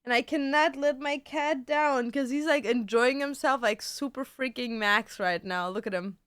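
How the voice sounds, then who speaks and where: A woman streamer talks casually and swears freely while reading out viewers' questions. Her voice sits a little high and sounds smooth. The recording is close and dry, with no room echo. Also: normal speed, a bit bright. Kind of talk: casual live-stream chat. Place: at home with a cat on her lap.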